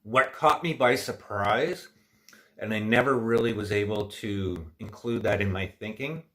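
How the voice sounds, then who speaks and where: This man, hosting a laid-back livestream chat, speaks at a fairly low pitch, a touch slowly, with a fairly bright tone. He rambles and airs strong opinions in a frustrated way, and allergies leave his nose stuffy.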